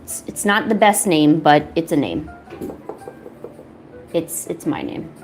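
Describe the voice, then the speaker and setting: Slow and sing-song, her low, darkish voice drifts over soft background music as this art streamer paints at home. She keeps up a laid-back, chatty stream, teasing her cats and lapsing into playful baby talk with them.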